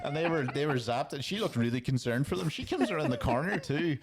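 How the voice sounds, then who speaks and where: A man's voice: a little high, expressive, a crowd in the background. A man co-hosting a podcast, rambling and swearing as he chats about a film. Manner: sweary, rambling, quick to laugh. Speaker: podcast co-host. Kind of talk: casual film-review chat.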